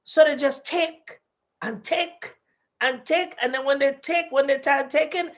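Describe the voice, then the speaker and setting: Woman, radio talk guest, lively storyteller who plays every voice. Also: high-pitched, a little slow, slight background noise. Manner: animated storytelling, acting out quoted voices. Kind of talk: radio talk show discussion.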